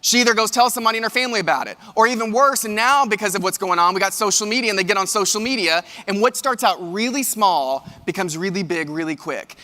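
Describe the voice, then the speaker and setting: Keynote speaker: man, high and bright, animated storyteller, reverberant hall. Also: fast, few pauses. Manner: animated storytelling, addresses audience directly. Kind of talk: motivational keynote. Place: large hall with live audience.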